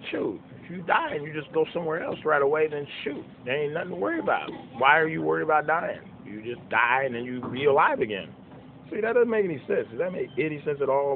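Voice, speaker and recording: A man's voice: medium pitch, slight background noise. Fifties male preacher, casual and emphatic, repeating points with folksy rhetorical questions, tinny lo-fi phone audio. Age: 50s. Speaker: preacher and songwriter. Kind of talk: informal preaching monologue.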